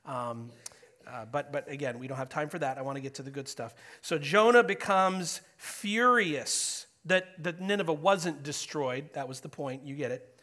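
Bright-voiced, animated male pastor. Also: fairly high pitch, normal speed. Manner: chatty, joking, animated preaching. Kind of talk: informal sermon to a congregation. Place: church sanctuary.

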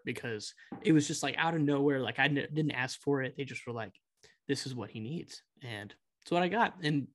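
A young man co-hosting a casual podcast, telling stories in an earnest, heartfelt way. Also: mid-range voice. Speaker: podcast co-host. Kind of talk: casual chat.

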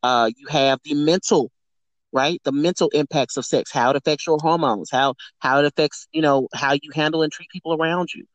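A woman's voice: sits low, a little fast, dry recording, low-quality recording. A woman talking frankly as a guest on a podcast, emphatic and acting out quoted speech, swearing casually. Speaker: guest, sex educator. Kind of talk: candid podcast conversation.

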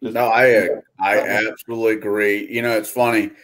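A man's voice: fairly low pitch, level tone, a little fast, fairly bright tone. A man on a game-master panel agreeing and musing in casual chat, rambling with restarts.

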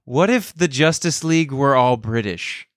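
A man's voice: mid-range voice, animated, moderate pace, no echo, studio quality. A man in casual chat, amused and musing aloud. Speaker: podcast cohost.

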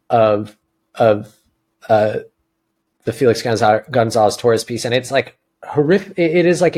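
A man's voice: mid-range voice, darkish tone. A man hosting a podcast. He talks earnestly and casually, with many restarts and fillers. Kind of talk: casual conversation.

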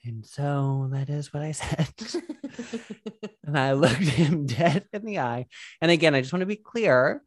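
A man's voice: on the high side, unhurried, no echo, clean studio sound. A young man co-hosting a casual podcast chat, telling a long story with lots of fillers and frequent laughter. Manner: animated, giggly storytelling with many fillers.

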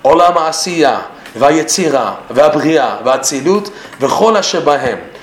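A man's voice: fairly high pitch, measured pace, slight background noise. Canadian man teaching, echoey room. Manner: animated, quotes Hebrew and then translates it. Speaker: Torah teacher. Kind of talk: Torah class.

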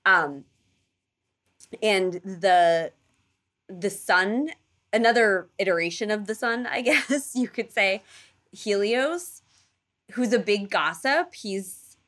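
A woman telling a story in casual chat, animated, full of fillers and casual swearing, acting out voices for the people in it. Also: medium pitch, slow, pauses often. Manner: animated storyteller, acts out quoted gods in playful voices.

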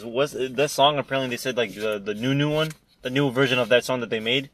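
A man's voice: medium pitch, a little fast, a bit bright. Rambling, laughing young man. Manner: rambling, laughs often, swears casually. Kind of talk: casual chat.

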